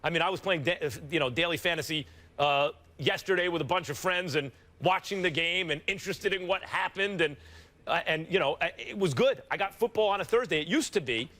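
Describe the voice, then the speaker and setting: A man on a studio sports debate show, arguing his side with quick rhetorical questions. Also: high-pitched, pushed and bright. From United States.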